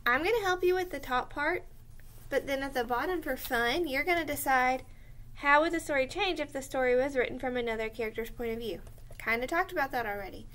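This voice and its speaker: A woman teacher giving a recorded lesson to young children, slow and clear, encouraging them as she writes along. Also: sits high, fairly bright tone.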